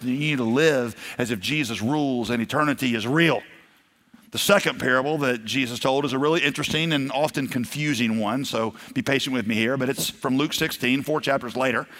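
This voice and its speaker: A man's voice: medium pitch, a bit bright. A man preaching a sermon in a conversational way, acting out the quoted voices of his stories. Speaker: pastor. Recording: long hall reverb.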